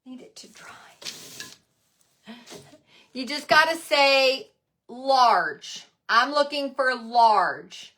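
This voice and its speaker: A woman hosting a casual live craft demonstration, chatting excitedly and calling out viewers by name. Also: sits high, takes it slowly. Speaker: livestream host selling craft supplies and clothes.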